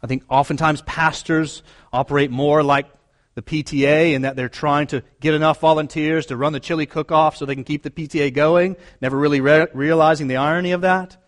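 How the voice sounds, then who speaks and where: A man's voice: a little high, fairly even intonation, brisk. A man preaching a sermon as pastor, earnest and emphatic, repeating key phrases for weight. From United States.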